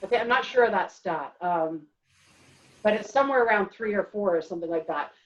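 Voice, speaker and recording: A woman presenting a networking webinar in a lively, chatty way, with many fillers. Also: medium pitch, brisk. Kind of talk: webinar talk. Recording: dull, distant call audio.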